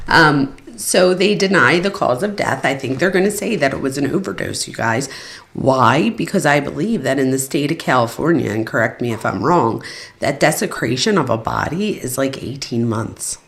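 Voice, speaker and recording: A woman's voice: rumbling low, expressive, moderate pace, vocal fry. A woman hosting a live true crime commentary stream from home, chatting casually with viewers. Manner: chatty, addresses viewers as "you guys".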